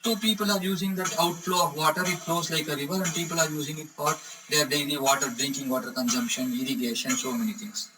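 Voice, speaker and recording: A man's voice: a little high, steady tone, fast, hardly any pauses, distant mic, background noise. A man teaching an electronics lesson, explaining step by step and often checking with the class. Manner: repeats "correct?" to check understanding. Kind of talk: explanatory lecture.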